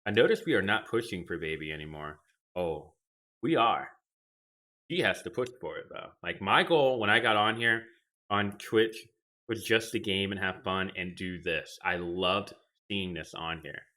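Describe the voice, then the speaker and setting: A man's voice: low voice, moderate pace, bright, forceful tone. A young man chatting casually with his viewers on a live stream, rambling and reading out their comments from a desk mic in his home gaming setup. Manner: rambling, talks to chat and reads out comments. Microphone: desk microphone.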